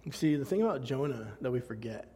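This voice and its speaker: Husky man preaching in an echoey hall. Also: medium pitch, lively intonation, quick pace, dark tone. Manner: storytelling, self-mocking, laughs often. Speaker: pastor. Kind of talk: sermon with personal story. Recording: long hall reverb.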